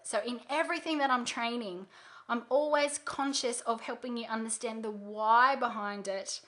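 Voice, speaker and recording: A woman's voice: a little high, bright, forceful tone. A woman hosting a live webinar, teaching sales techniques in an emphatic, upbeat way.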